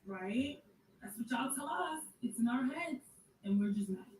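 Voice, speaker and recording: A woman giving casual commentary in a sarcastic, conversational way, with drawn-out asides. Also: fairly high pitch, expressive. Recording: echoey room, distant mic, faint noise.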